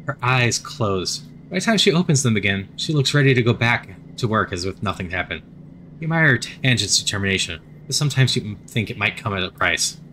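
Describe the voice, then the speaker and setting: Bright-voiced man narrating a story game. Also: fairly low pitch, lively intonation, brisk, slight background noise. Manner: reads the game text aloud with wry asides. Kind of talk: narrated playthrough.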